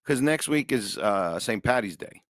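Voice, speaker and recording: A comedian man with a lower voice keeps the chat moving, laughing easily and throwing in questions. His voice is bright, and the sound is close and dry. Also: lively intonation, a little slow, dry recording. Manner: laughing, steers the talk with questions. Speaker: podcast co-host.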